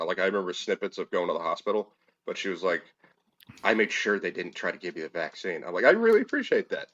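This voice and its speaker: A man's voice: low voice, sharp tone, lo-fi sound. A man co-hosting a casual chat, rambling and swearing as he tells stories. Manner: rambling, profane, trails off and restarts. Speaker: podcast co-host.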